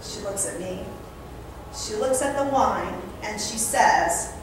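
A woman from New Jersey telling an animated comic monologue to a live audience at a charity event, often laughing and acting out other people's voices. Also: medium pitch, slow pace. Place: banquet hall at a country club, live audience. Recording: echoey hall, mic from far off, noisy.

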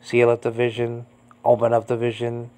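A man in his fifties, from Puerto Rico, giving an informal Bible teaching, rambling with lots of "I mean, you know" and jumping to a high emphatic pitch on key points. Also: completely flat delivery, moderate pace, mellow. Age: 50s.

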